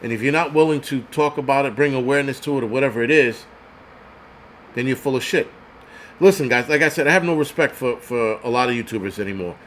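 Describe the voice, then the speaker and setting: The host of a prepping channel rants angrily on a livestream, swearing and tripping over repeated words as he gets heated. His voice is medium-pitched, fast, and a little bright, with a slight hiss or hum on the audio.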